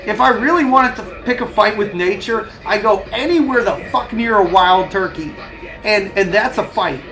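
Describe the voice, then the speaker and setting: High-voiced man ranting on a livestream. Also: lively intonation, moderate pace, a bit bright, faint music behind, rough recording. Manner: profane, ranting, laughs often. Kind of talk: casual live-stream chat.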